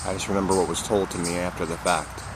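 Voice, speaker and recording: A man's voice: deep voice, flat delivery, quick pace, background noise. A man candidly telling a personal story to camera, repeating phrases for emphasis and swearing now and then. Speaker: recovery vlogger.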